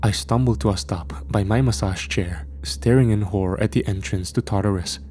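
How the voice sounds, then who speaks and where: A man narrating a first-person horror story in a tense, measured way. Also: fairly low pitch, dark tone, a little hiss or hum.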